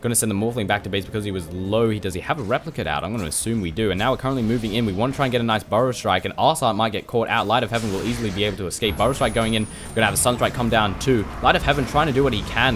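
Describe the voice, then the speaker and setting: A low-voiced man rattles off quick play-by-play game commentary over a headset. Music plays clearly behind him, and his delivery is chatty and loose, with casual swearing. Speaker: esports caster.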